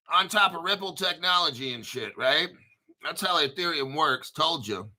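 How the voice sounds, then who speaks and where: An American man hosting a crypto channel, reading an article aloud and riffing on it in a rambling, profane, hyped-up way while clearing his throat. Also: a little high, pushed and bright. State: throat clearing, using a cough drop. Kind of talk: casual video commentary reading an article.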